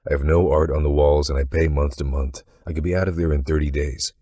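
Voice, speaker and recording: A male narrator voicing an easygoing young ranch hand with a low, relaxed, dryly teasing manner in an audiobook. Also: fast talker, husky, no room sound, clean studio sound. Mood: earnest. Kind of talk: audiobook character reading.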